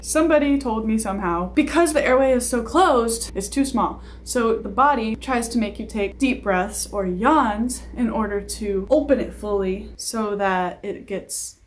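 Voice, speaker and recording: A young woman with a slightly high voice rants casually to her camera. She rambles and jokes at her own expense, breaking off for asides and sighs as she goes. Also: a little hiss or hum. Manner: chatty, self-deprecating, rambling with asides and sighs. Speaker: vlogger.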